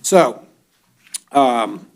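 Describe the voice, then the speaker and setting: Presiding as judge at a court bond hearing, a man reads the charges briskly and drops dry wisecracks. His mid-range voice is expressive.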